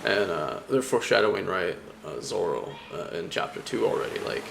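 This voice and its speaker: A man's voice: low-pitched, big pitch swings, a little fast, vocal fry, noisy background. A young man chatting casually about a comic, rambling with lots of fillers and frequent laughter. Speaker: anime vlogger. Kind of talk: casual chat.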